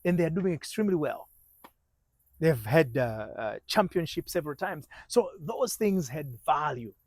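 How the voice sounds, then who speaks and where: A man with a somewhat high voice tells a motivational story as a marriage coach. He restarts his sentences often and drops almost to a hush when the story turns tense. The sound is dry, with no room echo. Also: animated. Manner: halting, many restarts, drops to a hushed voice at tense moments.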